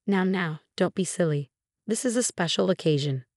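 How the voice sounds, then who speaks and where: Sugary, condescending stepmother read by a woman; low-pitched and dry. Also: moderate pace, darkish tone, no room sound. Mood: fake sweet. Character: fake-sweet scheming stepmother, adult woman.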